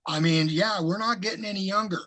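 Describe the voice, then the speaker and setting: A middle-aged man, a singer, telling animated stories in a casual interview. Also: sits high, fairly quick, crowd noise. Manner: animated anecdotes with profanity. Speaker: guest singer.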